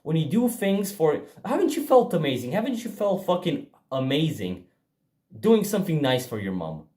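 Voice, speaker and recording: A man's voice: a little high, big pitch swings, moderate pace, mellow. Profane, emphatic young man vlogging. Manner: blunt and profane, emphatic with frequent restarts. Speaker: self-improvement vlogger. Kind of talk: casual motivational monologue.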